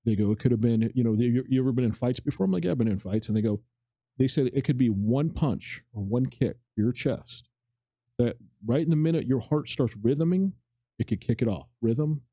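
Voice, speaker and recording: A man in his forties talks at a quick clip, tumbling from one point to the next as he tells a personal story on a podcast. His voice sits dark and mellow, and the sound is dry and close with no room around it. He acts out other people's lines as he goes and lets a casual swear slip now and then. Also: medium pitch, dry recording. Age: 40s. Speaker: podcast co-host. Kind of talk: casual chat.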